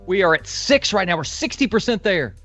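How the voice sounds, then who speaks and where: Lively, higher-pitched man co-hosting. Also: brisk, no echo, soft background music. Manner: chatty, teasing. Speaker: co-host. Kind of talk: live stream chat.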